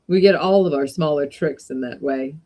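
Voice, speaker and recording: A woman reading a story aloud, voicing a tall, uncanny male magic shopkeeper who speaks in a deliberate, politely insistent way. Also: deep voice, mellow. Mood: courteous.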